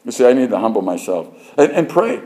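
A man's voice: medium pitch, huge pitch swings, fast, mellow. A man preaching a sermon in a conversational way, with frequent restarts, building to emphatic points. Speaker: preacher and radio host.

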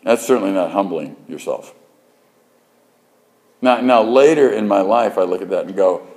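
A man's voice: fairly low pitch, lively intonation, moderate pace, pauses often, a little mellow. A man preaching a sermon in a conversational way, with frequent restarts, building to emphatic points. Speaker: preacher and radio host.

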